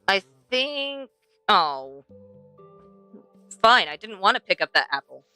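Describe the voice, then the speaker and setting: A woman's voice: medium pitch, sing-song, takes it slowly, bright, forceful tone, smooth, soft background music. A young woman streaming a game, chatting to herself and to the animals she passes as she plays. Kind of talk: casual gameplay commentary.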